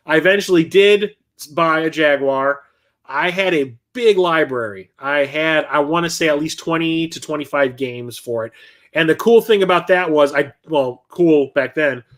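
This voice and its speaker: A middle-aged man hosting a livestream, telling a rambling anecdote and acting out the people in it. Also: a little high. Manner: rambling anecdotes with animated quoted voices. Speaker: livestream host. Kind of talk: casual storytelling on a livestream.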